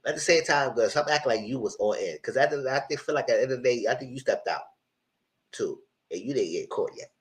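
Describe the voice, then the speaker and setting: A man's voice: mid-range voice, expressive, fast. A man giving a casual live recap of a reality TV show, exasperated and blunt, ranting and swearing as he talks back to the cast.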